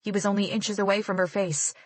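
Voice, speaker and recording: A woman narrating a first-person novel with tense, dramatic delivery. Her voice sits at a medium pitch, recorded dry and close. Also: fairly even intonation, a little fast, no room sound. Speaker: audiobook narrator.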